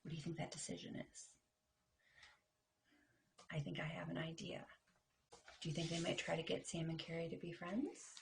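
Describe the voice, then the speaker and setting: A woman with a low-pitched voice reads a picture book to young children in her kindergarten class, animated and playful, pausing to talk with them. There's slight background noise.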